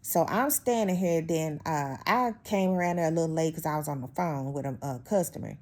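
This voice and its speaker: A woman's voice: sits low, brisk. A woman vlogger telling a workplace story in casual chat, chatty and exasperated, talking straight to her viewers. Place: at home.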